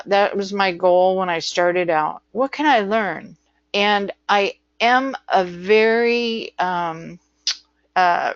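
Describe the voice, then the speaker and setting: A woman's voice: mid-range voice, a bit bright, no room sound. A woman giving an informal, digressive lecture as a medical transcription instructor, chatty and prone to acting out quoted voices. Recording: dull lo-fi dry recording.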